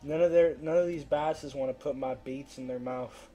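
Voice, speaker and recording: A man's voice: mid-range voice, steady tone, moderate pace, dark tone, soft background music. A man giving casual let's-play commentary, swearing and trash-talking the fish as he pleads with them to bite. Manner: profane, trash-talks the fish; coaxing and pleading, then frustrated. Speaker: gameplay commentator.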